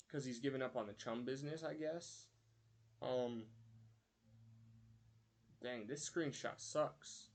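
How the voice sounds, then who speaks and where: A man's voice: medium pitch, animated, a little slow, pauses often. Young man rambling on a stream. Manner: rambling storytelling, counting aloud while drawing. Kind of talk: casual live-stream chat.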